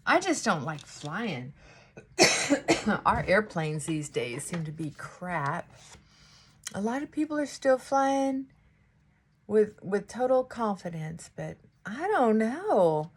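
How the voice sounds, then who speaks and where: Chatty, slow-talking, husky-voiced woman vlogger. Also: medium pitch, very animated. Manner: chatty, rambling, talks to viewers while doing makeup. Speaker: beauty vlogger. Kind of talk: casual get-ready-with-me chat.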